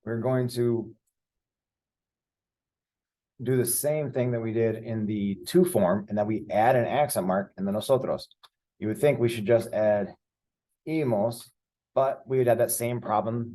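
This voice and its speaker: A man's voice: fairly low pitch, normal speed, warm tone. A man teaching a Spanish grammar lesson over a screen share, explaining each step patiently with the odd filler.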